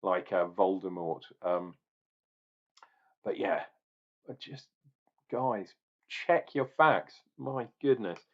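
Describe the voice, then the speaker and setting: A man's voice: lowish voice, lo-fi sound, a little hiss or hum. A man doing a casual beer review video, rambling with restarts and growing exasperated as he rants.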